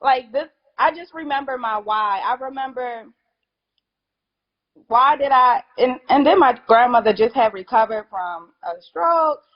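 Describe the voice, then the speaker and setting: A young woman hairstylist chatting in an interview, animated and acting out quotes, at times emotional. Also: high voice, a little slow, dull audio. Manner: animated storyteller, acts out quotes, gets emotional. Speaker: hairstylist guest. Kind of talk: casual interview chat.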